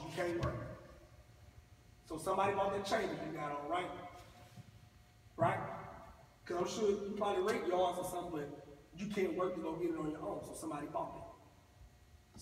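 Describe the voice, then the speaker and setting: A man's voice: high-pitched, a little hiss or hum. A middle-aged man giving a preachy, colloquial anti-bullying talk to schoolboys, drawing call-and-response. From Mississippi, US. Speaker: motivational speaker. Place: school gym or hall. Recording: echoey hall from far off.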